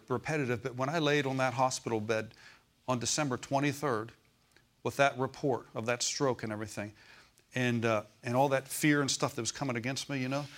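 Speaking to his church in an easygoing, conversational way, a pastor preaches and keeps asking the congregation whether they follow him. His voice sits in the mid range with a fairly bright tone.

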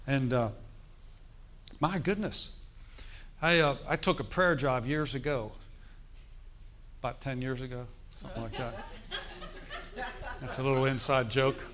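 A middle-aged man preaching to his congregation, telling a story loosely and with animation and often asking his listeners questions. His voice sits at an ordinary middle pitch. A faint noise runs under the recording. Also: measured pace, long pauses, fairly bright tone. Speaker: pastor. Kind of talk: sermon storytelling.

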